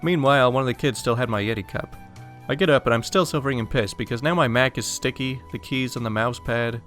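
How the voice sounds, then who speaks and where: A man's voice: medium pitch, fairly bright tone. Young man reading a story aloud. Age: young adult. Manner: casual, exasperated storytelling. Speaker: story narrator.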